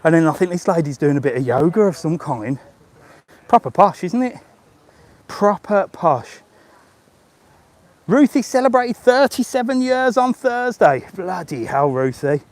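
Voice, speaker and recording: A man's voice: high-pitched, big pitch swings, moderate pace, hardly any pauses, a little mellow. A middle-aged man, vlogging live while walking outdoors through resort grounds, talking in a jokey, chatty way and chuckling often. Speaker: travel vlogger. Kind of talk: live-streamed walking vlog. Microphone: handheld gimbal camera.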